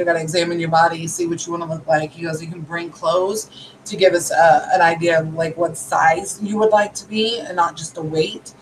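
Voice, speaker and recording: A woman's voice: fairly low pitch, slight background noise, poor audio. A woman in her thirties casually telling a story, rambling and retelling a conversation with lots of "he goes". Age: 30s.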